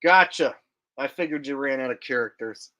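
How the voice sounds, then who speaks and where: A man's voice: mid-range voice, normal speed, bright, forceful tone, highs cut off. A man hosting a livestream, reading viewers' super chats in a casual, joking way with some swearing. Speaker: livestream host.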